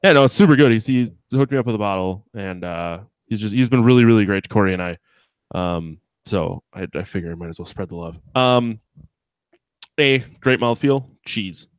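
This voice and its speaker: A man's voice: on the low side, lively intonation, normal speed, clear, resonant tone, no echo, clean studio sound. Profane Wisconsin man telling rambling stories. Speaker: podcast host. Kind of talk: casual chat.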